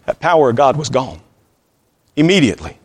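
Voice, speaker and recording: A man preaching a sermon, telling a story in an earnest voice that sometimes sinks to a soft hush. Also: medium pitch, very animated, a little fast, slightly rough. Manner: earnest, drops to a soft hushed voice at times.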